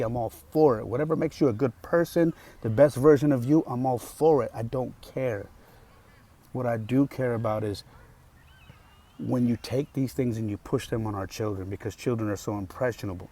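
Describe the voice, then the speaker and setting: A man's voice: mid-range voice, a little slow, mellow. An American man hosting a podcast, talking passionately and outspokenly in a solo monologue. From United States. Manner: impassioned and outspoken. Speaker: podcast host.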